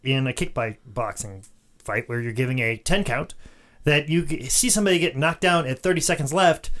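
A man's voice: medium pitch, normal speed, a bit bright. Joking podcast co-host, a man. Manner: joking, rambling, laughs often. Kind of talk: casual chat.

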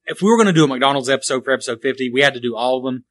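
A man's voice: mid-range voice, racing, a bit bright. A man co-hosting a casual podcast about retro video games, rambling and correcting himself as he goes, often laughing. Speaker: podcast co-host.

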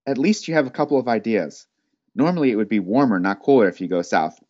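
A man's voice: lowish voice, lively intonation, fast, a little mellow, no room sound. A man casually narrating a choose-your-own-adventure book as host, laid-back and saying "dude" a lot. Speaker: host reading a gamebook. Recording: dull lo-fi dry sound.

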